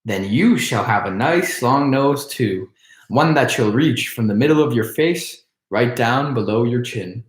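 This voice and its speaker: A man voicing a spiteful old crone with a cracked, creaking voice, reading a storybook aloud in an echoey room. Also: medium pitch, expressive, a little slow, lightly acted. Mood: menacing. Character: cracked spiteful old hag, hobbling and muttering.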